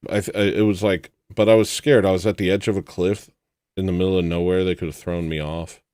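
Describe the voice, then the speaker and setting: Deep-voiced man telling a rambling story. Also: level tone, a little fast, smooth, no echo, clean studio sound. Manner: rambling, acts out quoted people in loud put-on voices. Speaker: livestream host. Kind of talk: casual personal storytelling.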